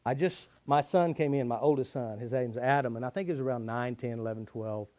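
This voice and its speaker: An earnest middle-aged man tells a personal story while he teaches his therapy method. His voice sits at a middle pitch, and his emphasis rises and falls as he talks through old hurts. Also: brisk, a little mellow. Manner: earnest, confessional, with shifting emphasis.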